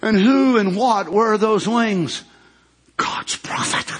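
A man preaching a fervent sermon, often breaking into shouted hallelujahs. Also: sits high, slow, husky.

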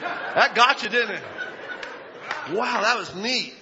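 A man preaching a sermon, telling a story in an animated way with bursts of shouting. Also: high-pitched, slow pace, crowd noise, noisy background. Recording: echoey hall, dull lo-fi sound.

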